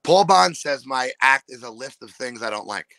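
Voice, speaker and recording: A comedian from New York with a New York accent, talking casually and profanely, breaking into loud, ranting impressions. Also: male voice, mid-range voice, animated, moderate pace, no echo, poor audio. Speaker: comedian guest. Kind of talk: casual podcast chat.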